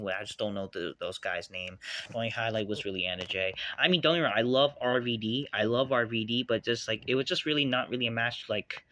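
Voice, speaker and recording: A man's voice: mid-range voice, bright, forceful tone. A man reviewing a wrestling show in a casual, profane rant, sarcastic and dismissive, rambling with lots of fillers. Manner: loose and rambling, with many fillers like "like".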